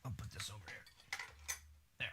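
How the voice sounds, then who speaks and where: A man's voice: normal speed, noisy background. A man chatting casually on a livestream, laid-back and swearing freely while he eats.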